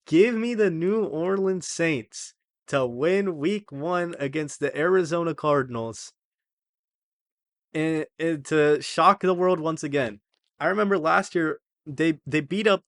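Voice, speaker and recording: A man's voice: a little high, a little slow, fairly bright tone, no room sound. A young man hosting his own sports video, talking casually and rambling through game predictions. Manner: chatty, rambling, self-correcting.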